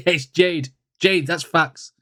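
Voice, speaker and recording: Male reaction host, lively pitch, rambling chatty delivery. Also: normal speed. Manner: rambling, chatty, laughs often. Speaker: music reaction video host. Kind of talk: casual reaction commentary.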